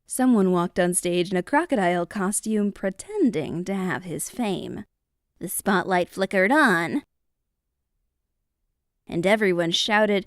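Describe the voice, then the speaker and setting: A woman narrating a children's storybook in an animated read-aloud manner. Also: mid-range voice, slow pace, dry recording, clean studio sound.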